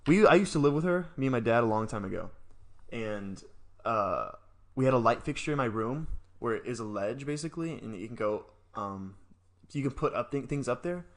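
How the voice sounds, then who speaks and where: A man's voice: mid-range voice, animated, brisk. A young man co-hosting a podcast, telling stories in casual chat and laughing often. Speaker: podcast co-host.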